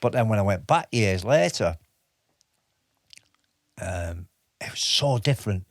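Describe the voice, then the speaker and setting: In a relaxed podcast interview, an army veteran in his fifties shares stories in a low-ish voice with lively intonation, captured in a clean studio with no room sound. His speech is halting, full of fillers and sentences he breaks off and starts again.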